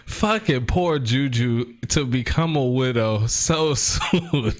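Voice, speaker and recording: A young man hosting a casual podcast, teasing his friends with crude jokes and frequent loud laughter. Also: medium pitch, lively intonation, slow pace. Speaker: podcast host.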